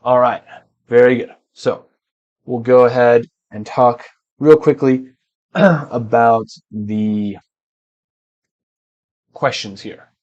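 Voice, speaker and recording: A man teaching English verbs patiently, often switching to Spanish to explain and clearing his throat now and then. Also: medium pitch, steady tone, slow, pauses often, a little mellow, lo-fi sound. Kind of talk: language lesson.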